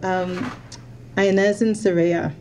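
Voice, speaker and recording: Heartfelt woman politician, dark warm voice. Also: fairly low pitch, steady tone, slow, a little hiss or hum. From Canada. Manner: heartfelt, repeats her thanks, a little emotional. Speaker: member of parliament giving thanks. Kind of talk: emotional thank-you speech at an event.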